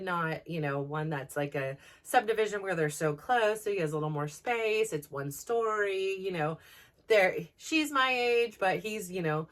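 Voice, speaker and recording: A woman's voice: mid-range voice, fairly bright tone. A woman in her forties, hosting a podcast, venting in a rambling personal monologue full of fillers. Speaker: podcast host.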